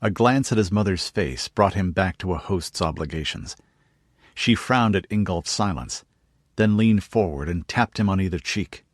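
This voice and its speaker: A man reads a fantasy novel aloud in steady scripted narration. His voice is low and husky. The recording is dry and close. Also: normal speed, no echo. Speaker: audiobook narrator.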